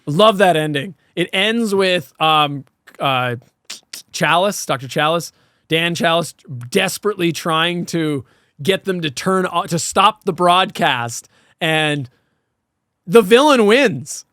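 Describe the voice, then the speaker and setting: A man co-hosts a casual podcast about horror films, speaking in a fairly high voice. He talks animatedly and swears freely. The recording is close and dry. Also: slow, clear, resonant tone, dry recording. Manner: animated, profane, laughs while talking. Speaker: podcast co-host. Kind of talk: casual horror film review chat.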